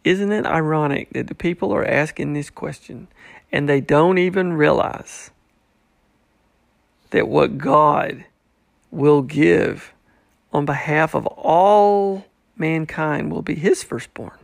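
A man's voice: a little high, takes it slowly, vocal fry, dry recording, studio quality. A man teaching a Bible passage who acts out the people's questions in a mocking tone. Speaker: preacher.

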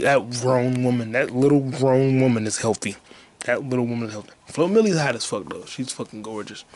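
A man's voice: medium pitch, a little hiss or hum. Crude, rambling podcast man. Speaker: podcast host. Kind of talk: solo comedy podcast rant.

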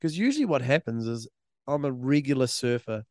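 A man's voice: mid-range voice, very animated, a little fast, a little mellow, no room sound, clean studio sound. A New Zealand man co-hosting a podcast, trading crude jokes and banter in a casual chat. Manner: crude, joking banter with funny voices. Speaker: podcast co-host. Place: resort room, in person.

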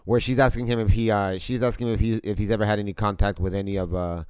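Male co-host, lowish smooth voice, dry close sound, hesitant casual talk. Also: fairly even intonation, fast talker, no echo. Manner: hesitant, repeating words as he talks. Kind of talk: casual chat.

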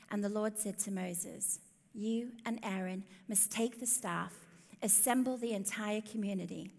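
A woman's voice: fairly high pitch, vocal fry, fairly bright tone. A woman preaching a sermon, telling the story expressively and with emphasis, in a church hall. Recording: long hall reverb.

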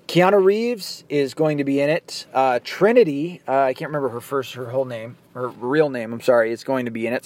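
A man hosting his own podcast, ranting angrily and profanely, firing off rhetorical questions. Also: medium pitch. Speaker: podcast host. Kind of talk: angry political rant.

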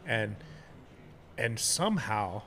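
A man's voice: fairly low pitch, very animated, slow, a bit bright. A man in casual podcast talk, candidly telling a personal story with frequent swearing and restarts. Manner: candid and profane, many restarts. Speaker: guest.

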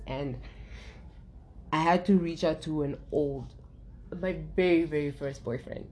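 A woman's voice: sits low, moderate pace, warm tone, a little hiss or hum, poor audio. A young woman talking candidly in a casual conversation, open and emotional, swearing freely and restarting her sentences. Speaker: guest sharing her story.

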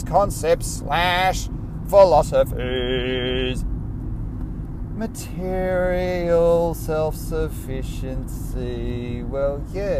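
A man's voice: on the high side, noisy background. Rambling, self-mocking male podcast host. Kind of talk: casual solo podcast monologue.

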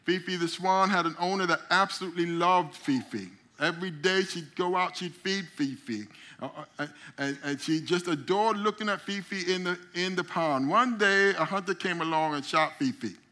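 A man's voice: sits high, normal speed. A middle-aged man teaching a group, acting out little stories with voices as he goes. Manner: animated storyteller, acts out voices. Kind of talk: teaching a memory drawing lesson.

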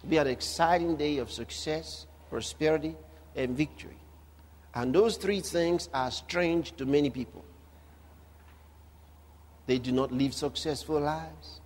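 A man's voice: on the high side, a little mellow. A male pastor preaching a sermon with humor and emphatic repetition.

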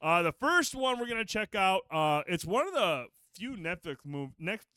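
A man co-hosting a gaming podcast, chatting casually and excitedly and swearing freely. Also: high-pitched, moderate pace, clean tone, no room sound, clean studio sound. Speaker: podcast co-host. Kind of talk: casual chat.

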